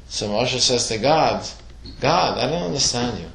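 A man teaching a class, middle-pitched and lively, throwing questions at his listeners and acting out the voices in his stories. The room is echoey and bare. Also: unhurried. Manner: questioning, animated storytelling with acted quotes. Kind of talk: classroom Torah lesson.

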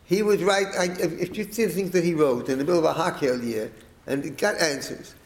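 A middle-aged man spins a long, rambling family anecdote and acts out what people said. His voice sits a little higher than most men's. The sound carries a roomy echo. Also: brisk. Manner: rambling, animated, acts out quoted speech and chanting. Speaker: storyteller. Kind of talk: telling a family anecdote to listeners.

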